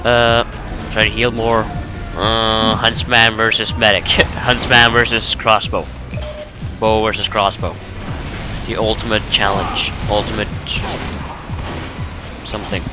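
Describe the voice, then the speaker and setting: A man's voice: lowish voice, flat delivery, slow, pauses often, music in the background. Tired guy rambling over gameplay. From Norway. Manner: rambling, self-correcting, chuckling. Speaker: let's play gamer. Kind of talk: casual gameplay commentary.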